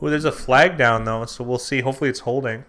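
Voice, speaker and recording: A man co-hosting a casual sports watch-along stream, excitable and quick to react to plays. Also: mid-range voice. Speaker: co-host.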